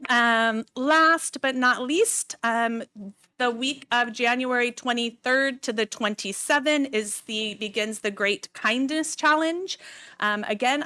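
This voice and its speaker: A woman addresses a school board meeting with updates and recognitions. She sounds warm and slightly emotional, filling her pauses with "um"s. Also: fairly high pitch. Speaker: school district administrator. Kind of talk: meeting announcements.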